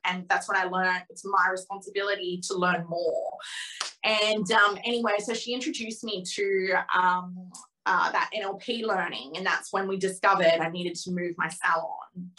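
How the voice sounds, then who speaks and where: A woman's voice: mid-range voice, steady tone, normal speed, sharp tone, low-quality recording. A woman in her thirties as a podcast guest, telling a frank, emotional personal story with lots of fillers.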